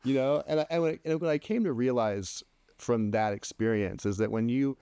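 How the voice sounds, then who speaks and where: A man telling a story as a podcast guest in casual chat, animated, with many restarts, his voice jumping higher when he quotes himself. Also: moderate pace, clear, resonant tone, no room sound, clean studio sound. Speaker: podcast guest, LGBT advocate.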